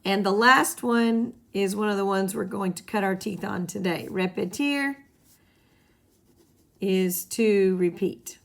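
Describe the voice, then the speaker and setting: A woman's voice: medium pitch, slow pace, vocal fry. A woman teaching a Spanish grammar lesson to her students, patiently explaining and having them repeat rules back. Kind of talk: classroom lesson at a whiteboard.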